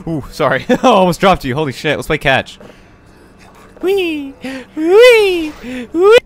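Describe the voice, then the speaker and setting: A man doing let's play commentary, giggly and excitable, swearing often and cooing at a pet. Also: on the high side, brisk, slight background noise. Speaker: gaming YouTuber.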